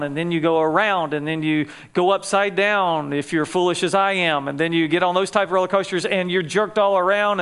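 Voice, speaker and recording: Man, middle-aged, high voice, grief counselor preaching, chatty with the crowd. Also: fairly bright tone. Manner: conversational, asks the audience questions, jokes lightly. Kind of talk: sermon to a live audience.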